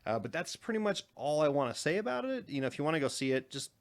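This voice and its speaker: A young man co-hosting a podcast, chatting casually in a rambling, animated way and laughing often. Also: fairly high pitch, quick pace. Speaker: podcast co-host. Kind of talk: casual chat.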